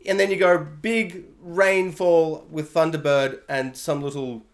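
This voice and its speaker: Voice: medium pitch, unhurried. A film reviewer talking through a spoiler review in a rambling, chatty way, often breaking into silly voices to act out scenes. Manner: animated, acts out scenes in silly quoted voices; rambling, chatty, many fillers. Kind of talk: casual spoiler review monologue.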